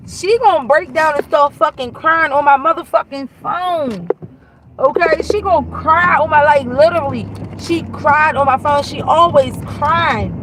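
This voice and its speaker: Blunt high-voiced woman ranting in a car. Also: unhurried, noisy background. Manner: blunt, profane, emphatic, talks straight to viewers. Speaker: vlogger telling a story. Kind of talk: casual storytime rant.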